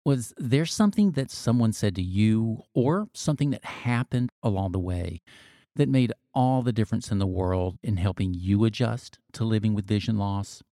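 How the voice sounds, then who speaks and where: A man hosting a podcast in a measured, scripted, announcer-like way. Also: lowish voice, warm tone, dry recording, clean studio sound. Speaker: podcast host.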